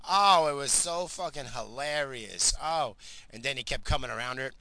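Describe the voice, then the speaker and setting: A man's voice: on the high side, lively intonation, moderate pace, sharp tone, no echo, poor audio. A middle-aged man telling a rambling, profane story about his family in a casual vlog. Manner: rambling, profane, lots of fillers. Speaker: vlogger, father.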